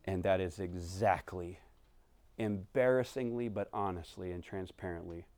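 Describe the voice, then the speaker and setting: Recorded dry, a pastor in his thirties speaks at a moderate pace in a low voice. His conversational sermon shifts back and forth between energetic sections and hushed ones.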